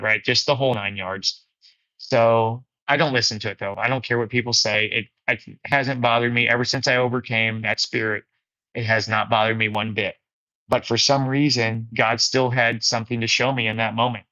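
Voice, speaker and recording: A man's voice: medium pitch, fairly even intonation, normal speed, sharp tone, no room sound, dull audio. Earnest man preaching casually to a livestream. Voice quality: earnest and conversational, frequent "man" and "dude". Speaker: livestream host of a faith fellowship. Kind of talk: casual spiritual talk, reading viewer comments.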